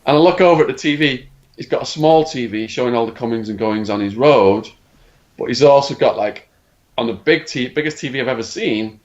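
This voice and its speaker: English man, middle-aged, animated storyteller, acts out quotes, dull lo-fi sound. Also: medium pitch, a little fast. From England. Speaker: guest. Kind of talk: storytelling interview.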